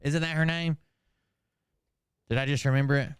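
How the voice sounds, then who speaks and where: Here the male host's voice is fairly high and smooth, with fairly even intonation and a moderate pace, captured at studio quality without room sound. He rambles casually through his commentary, loses track of who's who, and drops profane side remarks.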